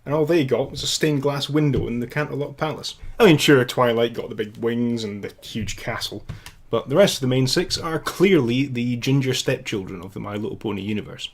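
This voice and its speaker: Man, sarcastic reaction commentary, ranting, mid pitch. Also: brisk, slight background noise.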